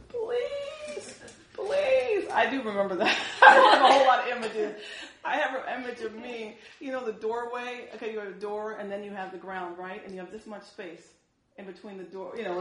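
Animated woman preacher in an echoey room. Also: mid-range voice, a little hiss or hum. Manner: animated, acts out quoted voices. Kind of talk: sermon.

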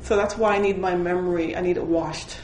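Animated woman leading a Bible study. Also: fairly low pitch, brisk, a little hiss or hum. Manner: animated storytelling, acts out quotes, laughs often. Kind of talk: informal spoken devotional. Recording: roomy echoing room.

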